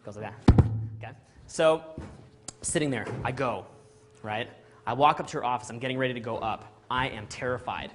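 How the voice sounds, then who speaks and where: A middle-aged man from Canada, telling a story to an audience in an animated way and acting out the dialogue, often asking "right?" and "okay?". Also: medium pitch, moderate pace, long pauses, music in the background.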